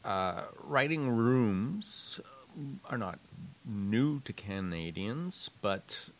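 A man from Montreal moderating a live panel, asking measured questions with pauses. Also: on the low side, animated. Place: live event with an audience.

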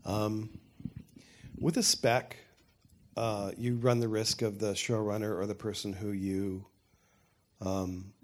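An older man with a fairly low voice answers questions as a showrunner. He talks frankly, stopping and restarting his sentences as he thinks aloud. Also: level tone, takes it slowly, long pauses. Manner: rambling, self-correcting, frank. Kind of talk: panel Q&A talk.

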